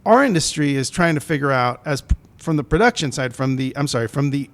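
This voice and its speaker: A film producer co-hosting a casual podcast speaks fast and animatedly in a medium-pitched voice. He explains the business side loosely and ramblingly, frequently correcting himself mid-sentence.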